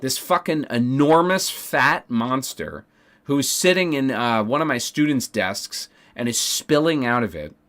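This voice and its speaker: A man's voice: mid-range voice, expressive, unhurried, a bit bright. A man telling a story to his stream chat, ranting with heavy profanity and emphatic repeats. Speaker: Twitch streamer.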